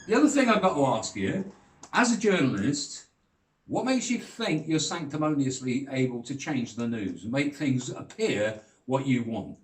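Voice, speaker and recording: A man's voice: mid-range voice, animated, normal speed, reverberant. An older British man delivering a blunt, sweary, heated rant straight to camera. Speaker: vlogger. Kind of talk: ranting monologue.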